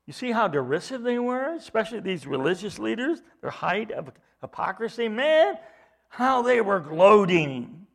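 A man's voice: sits high, big pitch swings, normal speed, a bit bright. A man preaching an expository sermon, emphatic, acting out mocking voices as he reads.

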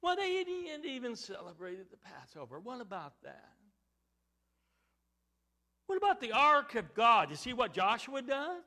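A man preaching with a bright, ringing tone and a wide, rising and falling pitch. He leans on rhetorical questions, booming some lines and dropping to a hush on others, and he keeps an unhurried pace. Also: sing-song. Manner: rhetorical questions, swings between loud emphatic and hushed. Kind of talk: sermon.

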